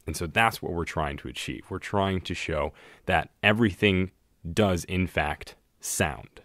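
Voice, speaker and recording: A man's voice: low voice, unhurried, fairly bright tone, no echo, clean studio sound. A man co-hosting a podcast in casual chat, laid-back and joking, with frequent hesitations. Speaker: podcast co-host.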